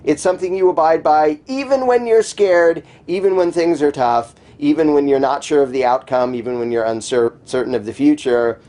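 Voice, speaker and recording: Guy with a warm mellow voice, guest on a chat, gets emphatic and scornful. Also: a little high, normal speed, few pauses. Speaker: interview guest. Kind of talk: conversational interview.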